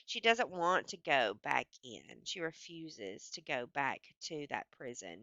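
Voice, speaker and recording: A woman's voice: low-pitched, sing-song, unhurried, pushed and bright, dry recording, lo-fi sound. A woman teacher talking through a story in a lecture screencast. She reads passages aloud with animation and explains them casually, with many fillers.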